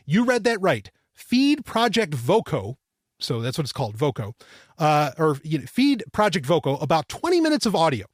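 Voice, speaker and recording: A man hosting a tech podcast, excitable and loud, swearing and laughing as he talks. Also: sits high, no echo, clean studio sound. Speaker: podcast host. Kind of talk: tech podcast monologue and sponsor read.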